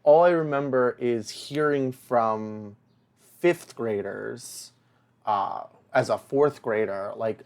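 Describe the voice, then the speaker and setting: Young man, let's play host, casual gameplay commentary, rambling, talks to the game characters, middling pitch. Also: slow, a little mellow.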